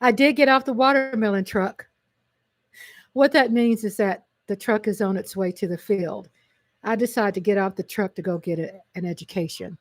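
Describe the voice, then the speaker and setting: A woman from Texas with a Texan accent, hosting a casual livestream, reading out a list of names in a chatty, excitable way and correcting her own stumbles. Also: mid-range voice, moderate pace, dry recording. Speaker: livestream host.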